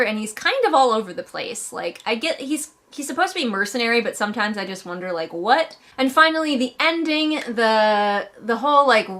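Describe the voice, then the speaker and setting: Animated higher-voiced woman reviewing books. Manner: animated, jumping up in pitch for emphasis. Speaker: book reviewer and author. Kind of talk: casual spoken book review.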